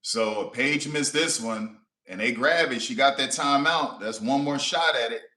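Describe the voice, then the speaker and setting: Stream host, man, loud slangy reactions, bright tone, roomy echo. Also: medium pitch, normal speed. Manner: animated, slangy, incredulous outbursts. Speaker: watch-along stream host. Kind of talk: excitable live reaction commentary.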